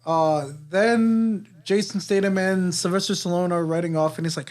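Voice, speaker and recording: A man's voice: sits high, steady tone, normal speed, a little mellow. Rambling, swearing podcast co-host man. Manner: rambling plot recap with swearing and laughs. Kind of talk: casual movie review chat.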